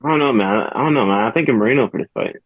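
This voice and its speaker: A man co-hosting a casual fight podcast, giving his picks plainly and quickly over a tinny phone-like line. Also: medium pitch, no echo. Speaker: podcast co-host. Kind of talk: casual chat.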